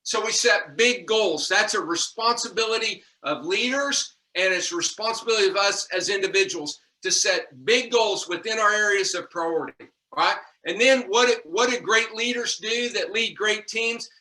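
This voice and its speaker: A man's voice: high voice, moderate pace, hardly any pauses, sharp tone. A man giving a folksy motivational talk on leadership to his team, calling them y'all and repeating himself as he goes. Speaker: leadership trainer. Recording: echoey room, distant mic.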